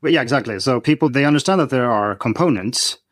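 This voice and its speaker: Expressive and fast, his mid-range voice comes across clean and studio-recorded without echo. As a podcast guest with expertise in learning Chinese, he walks through the subject in a careful, teacherly way.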